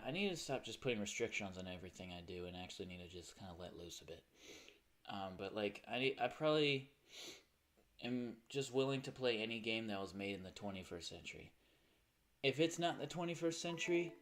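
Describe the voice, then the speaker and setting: A young man talks loosely to his viewers at the start of a home game stream. His voice sits a little low, and he wanders from thought to thought, catching and correcting himself as he goes. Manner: rambling and chatty, often correcting himself. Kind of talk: casual livestream chat.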